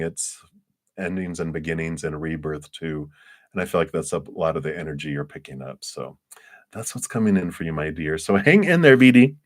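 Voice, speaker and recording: A man giving a tarot reading on a livestream, meandering and searching for words, with gentle, affectionate sign-offs. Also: deep voice. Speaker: tarot reader.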